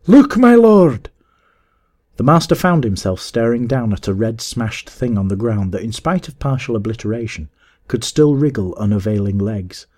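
A man narrating a classic adventure story as an audiobook, in a measured storytelling manner. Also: lowish voice. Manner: measured, even storytelling that rises to shouts in dialogue.

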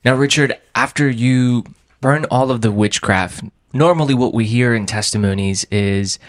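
A man hosting an interview, asking measured follow-up questions about a guest's testimony. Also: medium pitch, dry recording, clean studio sound. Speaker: interview host.

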